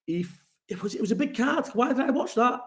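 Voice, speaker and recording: Rambling host. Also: male voice, extremely high pitch, animated, fast. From Bolton, England. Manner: rambling, sweary, thinks aloud. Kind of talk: casual solo fight commentary.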